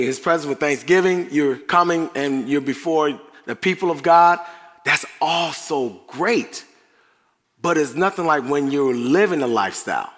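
A middle-aged man gives a relaxed, conversational sermon, pausing often and breaking into laughter. His voice sits a little high and moves slowly. It rings out with the long echo of a church hall. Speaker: preacher. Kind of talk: sermon devotional.

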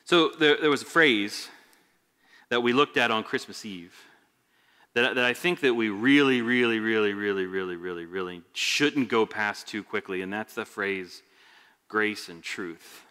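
Guy preaching in a church, bright voice, repeats words a lot, long echo off the hall. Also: fairly low pitch, normal speed, clean tone. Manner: expressive, repeats words, swings between loud emphasis and quiet drops. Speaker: pastor. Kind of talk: sermon. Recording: echoey hall reverb.

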